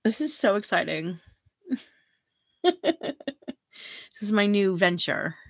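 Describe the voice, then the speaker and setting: A woman's voice: medium pitch, big pitch swings, takes it slowly, no room sound, clean studio sound. A middle-aged woman hosting a free tarot reading livestream, chatting casually, giggling often and reading viewer comments aloud.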